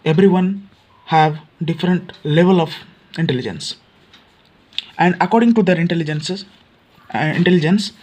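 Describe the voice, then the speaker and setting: A man with an Odia English accent gives a classroom-style lecture to exam students. His voice sits slightly high for a man, and he pauses often with filler words as he explains each point step by step. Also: darkish tone, a little hiss or hum. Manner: frequent fillers and restarts, repeats key points. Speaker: teacher.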